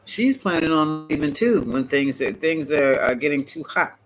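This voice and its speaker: A man giving a live-stream tarot reading, chatty and animated, talking back to viewers and laughing often. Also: on the high side, moderate pace, low-quality recording. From United States. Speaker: tarot reader.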